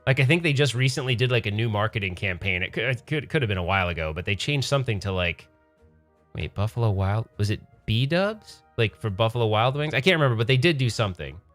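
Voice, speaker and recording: A man hosts a casual pinball livestream, rambling, correcting himself, and chatting with viewers. He talks fast and expressively in a lowish, somewhat bright voice, with faint music behind him.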